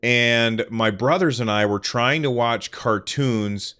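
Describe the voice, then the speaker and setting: A man's voice: mid-range voice, slow pace, pushed and bright. A man from the northern United States hosting a casual solo podcast livestream, telling rambling, self-deprecating stories. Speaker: podcast host.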